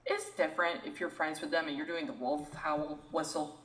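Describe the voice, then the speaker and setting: A woman co-hosting a podcast, ranting in an animated, exasperated way in casual chat. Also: low-pitched, normal speed, reverberant, poor audio. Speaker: podcast co-host.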